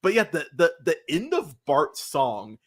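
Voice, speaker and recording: A man's voice: a little high, sing-song, unhurried. A man hosting a podcast, talking casually and animatedly, laughing often and restarting his sentences. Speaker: podcast host.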